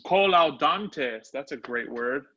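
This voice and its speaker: Over dull, lo-fi online call audio, a male instructor leads a live class, breaking words down syllable by syllable. He speaks slowly and expressively in a fairly high voice that sounds pushed and bright.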